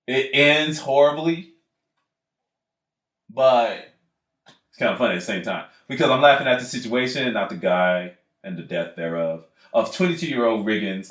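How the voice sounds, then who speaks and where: A man's voice: medium pitch, fairly bright tone. A man co-hosting a podcast, rambling through stories with plenty of swearing and laughter. His voice sits in the middle of the range and rings with room echo. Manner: profane, laughing, rambling storyteller. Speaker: podcast co-host. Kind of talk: casual podcast chat. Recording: echoey room.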